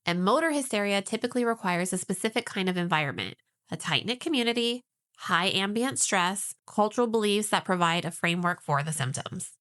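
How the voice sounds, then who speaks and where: A woman co-hosting a podcast, explaining ideas in a measured, informative way with light teasing. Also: mid-range voice, expressive, a bit bright. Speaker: podcast co-host.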